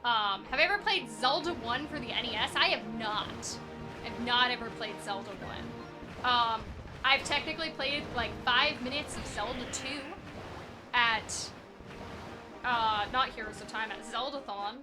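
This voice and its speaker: With music playing in the background, a woman with a fairly high, unhurried voice chats casually through a speedrun stream. She responds to chat as she plays, giggling and poking fun at herself.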